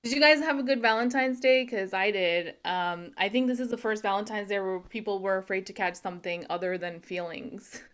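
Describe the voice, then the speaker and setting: A young woman performing a stand-up set over a video call, delivering punchlines deadpan and laughing at her own jokes. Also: mid-range voice, fairly quick, hardly any pauses, clean tone. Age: young adult. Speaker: stand-up comedian. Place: home.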